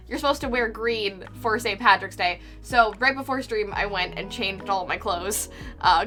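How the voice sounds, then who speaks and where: Bright-voiced chatty woman streamer. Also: mid-range voice. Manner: chatty, reads chat aloud, frequent fillers and laughs. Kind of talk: casual live-stream chat while painting.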